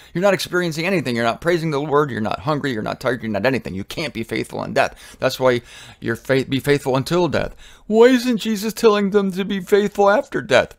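A man leading a live Bible study, teaching in a conversational way, thinking aloud and breaking into sudden emphatic rises. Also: medium pitch.

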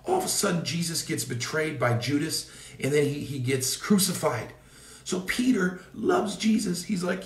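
Fervent preacher man, roomy and distant. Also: moderate pace. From Seattle area, Washington State. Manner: fervent, declaring, storytelling with rising pitch. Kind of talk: prayer and sermon.

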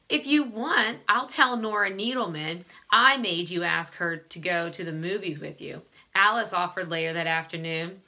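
Bright-voiced woman reading a children's novel. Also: medium pitch. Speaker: reader.

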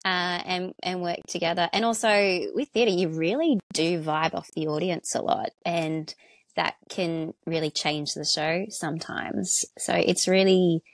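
Female guest actor, a touch low in pitch, earnest and keen, dead-dry recording. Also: measured pace, no echo. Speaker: actor and interior designer, guest. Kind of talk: casual interview chat.

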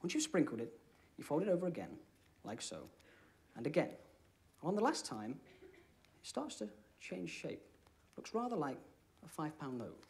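A young British man performing comedy magic, chatting with a volunteer and dropping deadpan one-liners. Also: fairly high pitch, fairly quick. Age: young adult. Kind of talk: comic magic patter. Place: TV studio with live audience. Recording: studio audience noise behind.

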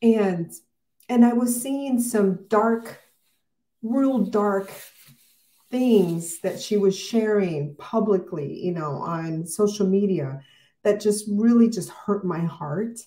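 A woman's voice: mid-range voice, slow pace, mellow, reverberant. A middle-aged woman hosting a casual morning devotional livestream, talking in an emotional, rambling way with many fillers.

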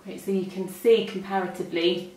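A woman's voice: mid-range voice, fairly even intonation, fairly quick, a little mellow. A woman with a British accent, a makeup artist chatting through each step as she works. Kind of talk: makeup demonstration. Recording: echoey room, mic a bit far.

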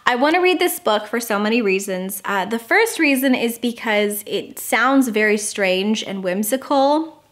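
A woman's voice: a little high, expressive, measured pace, a bit bright. A young woman talking casually to the camera as a book vlogger, bubbly and chatty with lots of fillers.

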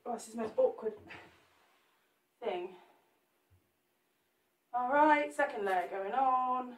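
A woman's voice: on the high side, takes it slowly, recorded from a distance. A woman chatting and joking with viewers as she demonstrates a cake sculpt live. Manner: chatty, jokey, talks to viewers while working. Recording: roomy echo, off the mic.

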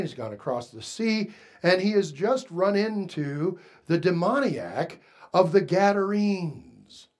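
A male pastor preaching a sermon slowly and emphatically, stretching out key words for weight. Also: high voice, darkish tone.

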